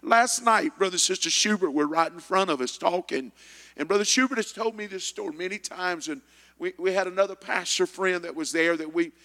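A man's voice: high voice, fairly quick, pushed and bright. A male pastor preaching a sermon and leading a fervent spoken prayer in a church, repeating phrases as he prays. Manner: fervent, repeats words while praying. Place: church sanctuary. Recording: long hall reverb.

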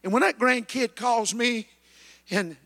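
Male preacher, 50s, high and gravelly, builds to shouting, echoey hall. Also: a little slow. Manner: builds to shouted climaxes, chanting amen. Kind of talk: sermon.

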